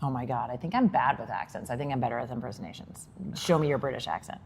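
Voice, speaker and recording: A woman's voice: very deep voice, fast, creaky, a little hiss or hum. A woman co-hosting a podcast in casual, playful chat, often joking and mimicking. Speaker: podcast co-host. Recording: roomy hall with faint ambience.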